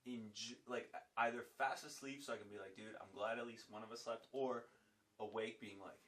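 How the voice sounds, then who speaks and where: A young man with a lowish voice spins a rowdy story as a podcast guest, acting out the other people's lines. He swears often and keeps it loose and animated. He sits a bit back from the mic, so he sounds distant. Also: moderate pace. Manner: animated, swears freely, acts out quoted dialogue. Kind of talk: casual storytelling chat.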